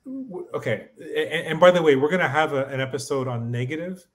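A man learning in a casual chat, halting as he guesses meanings aloud and asks for phrases to be repeated. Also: on the high side, expressive. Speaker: co-host and learner.

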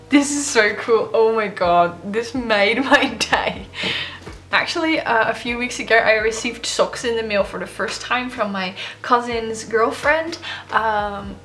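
A woman vlogger chatting casually to camera as she opens fan mail, gushing and excitable. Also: on the high side, moderate pace. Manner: gushing, excitable, gasps and laughs often. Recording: echoey room with faint noise.

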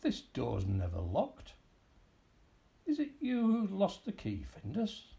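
A man voicing a fussy, absent-minded old farmer who grumbles and mutters, with a gravelly voice, in a storybook reading. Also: high voice, wildly swooping pitch, takes it slowly, mellow, voice pushed up, full character voice. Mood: grumbling.

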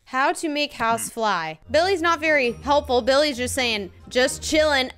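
A woman's voice: high voice, animated, measured pace, few pauses. A woman hosting a reaction video, exclaiming, gasping and giving ratings as she reacts to clips. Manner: exclamatory, gasping, easily moved. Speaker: video host. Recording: loud clip music playing under the voice.

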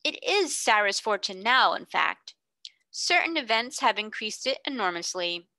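Casting: a woman playing a cool, exact storybook solicitor, quiet and level with a faintly sly edge, bright dry voice. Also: mid-range voice, big pitch swings, unhurried, no room sound, exaggerated voice. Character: calm, precise male solicitor. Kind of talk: audiobook character reading.

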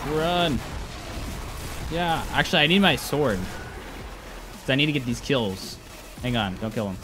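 A man's voice: medium pitch, unhurried. An American man casually chatting with viewers while livestreaming a game. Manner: laid-back, chatty, reads chat aloud. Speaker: game streamer. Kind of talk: casual gaming livestream chat. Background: game music.

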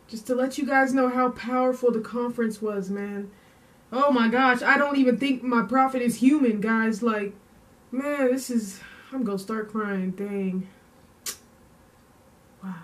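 A woman talking to her viewers in a casual vlog, slow and rambling with many fillers, emotional as she goes. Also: fairly high pitch, far from the mic. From San Diego. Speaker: vlogger. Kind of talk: casual vlog talk to camera.

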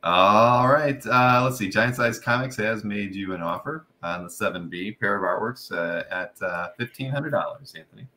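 Lower, bright-voiced upbeat male host. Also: normal speed, hardly any pauses. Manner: upbeat, moves the show along. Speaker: show host. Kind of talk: live stream hosting.

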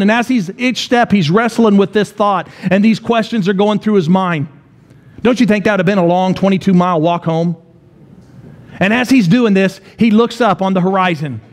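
A man in his forties preaching a sermon as pastor, telling a story with rhetorical questions and repetition. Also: extremely high pitch. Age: 40s. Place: church.

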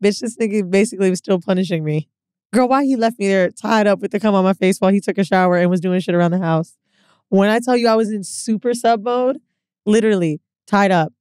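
A woman's voice: medium pitch, fast talker, clean tone, no room sound. Candid woman telling a story. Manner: candid, animated storyteller who acts out quotes. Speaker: podcast co-host. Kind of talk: casual chat, storytelling.

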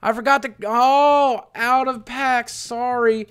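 A man's voice: very high-pitched, steady tone, takes it slowly, a bit bright, clean tone. A man streaming live, chatting casually and rambling as he thanks viewers.

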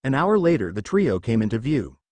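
Male fan fiction reader, brisk plain storytelling, dry close sound. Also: medium pitch, sing-song, darkish tone, no echo. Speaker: narrator. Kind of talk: reading fan fiction aloud.

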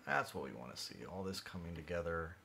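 A man livestreaming his CAD design work, thinking aloud in a mumbly way that drifts quieter as he concentrates. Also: sits low, animated, quick pace, gravelly, a little hiss or hum.

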